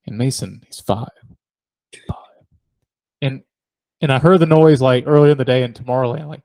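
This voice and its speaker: A middle-aged man with a drawl, telling long rambling stories on a podcast. He laughs a lot and acts out the noises in his tales. His voice sits at a medium pitch and sounds dry and close to the mic. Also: normal speed, long pauses, a little mellow, dry recording. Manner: rambling storyteller, laughs often, mimics noises. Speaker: podcast co-host. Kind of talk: casual chat.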